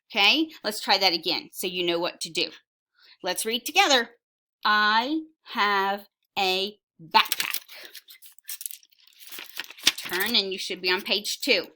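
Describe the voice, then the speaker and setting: A woman's voice: medium pitch, pushed and bright, a little hiss or hum. A woman teacher reading a sight word book aloud to young children, word by word, with encouraging prompts.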